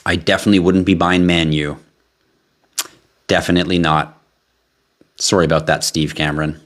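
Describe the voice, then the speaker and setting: Deep-voiced man hosting a livestream. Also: moderate pace. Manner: animated, chatty, talks straight to viewers. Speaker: livestream host. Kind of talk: casual live-stream chat.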